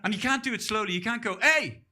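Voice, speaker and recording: A man's voice: high voice, very fast, sharp tone. A middle-aged Irish man doing a rambling, self-deprecating stand-up set on a club stage, often trailing off into mumbles. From Ireland. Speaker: stand-up comedian.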